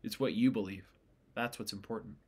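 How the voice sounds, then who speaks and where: Male reader doing a earnest teenage boy, low voice, quiet and pleading. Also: fairly even intonation, fairly quick, breathy edge. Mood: calm.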